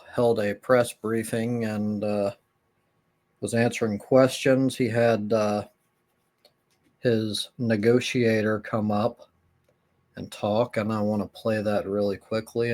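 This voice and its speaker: A man hosting a reaction video, giving casual political commentary in slow, measured talk. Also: fairly low pitch, darkish tone. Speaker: host reacting to a clip.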